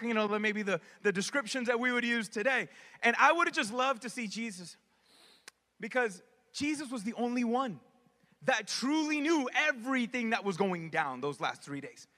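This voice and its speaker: Male pastor, high bright voice, conversational preaching, long reverb of a hall. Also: animated, moderate pace. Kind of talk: sermon.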